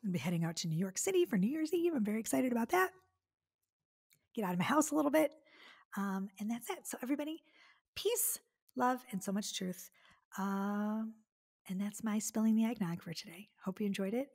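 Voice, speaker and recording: Woman podcaster, forties, husky voice, gushing casual monologue, mid-range pitch. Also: animated, moderate pace, a little mellow. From Detroit area. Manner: chatty and effusive, many fillers. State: tearful. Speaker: podcast host.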